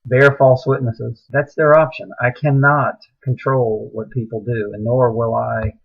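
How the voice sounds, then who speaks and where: A husky, middle-aged man talks in a preachy monologue, his voice climbing into agitated outbursts. His pitch sits at an ordinary middle level. The recording sounds dull and lo-fi. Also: level tone, unhurried. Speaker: speaker sharing religious views. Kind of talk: impassioned personal monologue.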